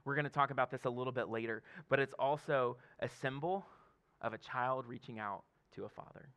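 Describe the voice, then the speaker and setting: A man's voice: medium pitch, fairly quick, a bit bright. A man in his thirties, a pastor, giving a conversational sermon with laughs and frequent "okay?" check-ins to the congregation.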